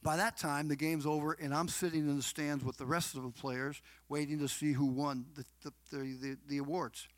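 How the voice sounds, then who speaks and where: A middle-aged man giving a heartfelt personal testimony as a guest, speaking fervently, repeating phrases for emphasis and drawing listeners in directly, his voice dropping to soft murmurs and then rising to loud proclamations. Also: a little high, flat delivery, moderate pace, few pauses, dry recording. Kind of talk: emotional storytelling testimony.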